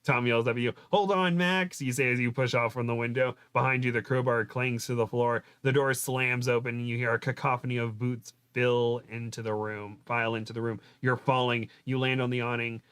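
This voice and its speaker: A man's voice: medium pitch, flat delivery, a little fast, hardly any pauses, a bit bright, clear, resonant tone, dry recording. Man, host, comedic read-aloud, dramatic narration, joking asides, dry recording. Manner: dramatic reading broken by laughing asides.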